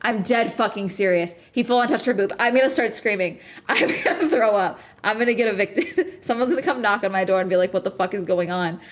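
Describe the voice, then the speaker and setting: A woman's voice: a little high, a little fast, few pauses. A woman streamer reacting to a video in casual chat, anxious and swearing, urging the person on screen to get away. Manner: anxious, swearing, urgent pleading.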